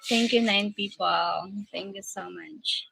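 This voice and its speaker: Woman, slow emotional livestream chat, bright tone, thanks viewers. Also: mid-range voice, gravelly, breathy edge, no echo, poor audio. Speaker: livestream host.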